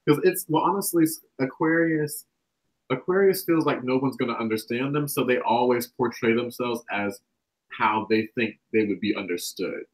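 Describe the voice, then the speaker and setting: A young man from the American South, a guest talking casually about spirituality, rambling and acting out quotes with animated bursts. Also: medium pitch, normal speed, rough recording.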